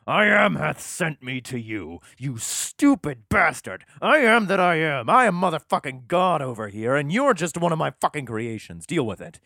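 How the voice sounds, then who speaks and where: A man voicing an angry, crude and boastful male God with a slow, booming delivery. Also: big pitch swings, darkish tone, no echo, clean studio sound. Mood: furious.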